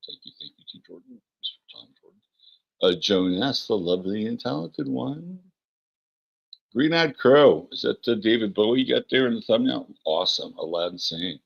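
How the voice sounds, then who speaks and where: Gravelly low-voiced man hosting a livestream. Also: normal speed, dull audio. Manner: relaxed, rambling, with many fillers. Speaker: astrology show host. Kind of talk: casual livestream chat, greeting chat viewers.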